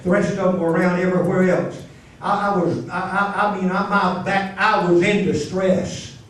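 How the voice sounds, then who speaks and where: Older preacher telling a story in an echoey church. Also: male voice, high-pitched, far from the mic, a little hiss or hum. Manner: folksy, stammering restarts, emotional testimony. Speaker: pastor. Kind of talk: storytelling sermon. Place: church sanctuary.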